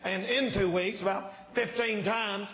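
A man preaching a fervent revival sermon in a church, shouting and yelling as he preaches, his voice a little strained. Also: high voice, steady tone, measured pace, echoey room, low-quality recording. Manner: yells and shouts when preaching. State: slightly strained voice. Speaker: evangelist preacher. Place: church sanctuary.

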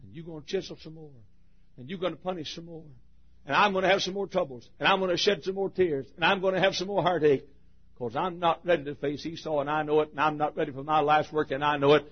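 A preacher acting out a desperate biblical man who begs God to keep working on him, in a husky, strained, high shout. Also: very animated, fast, few pauses, dull audio, exaggerated voice. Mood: pleading.

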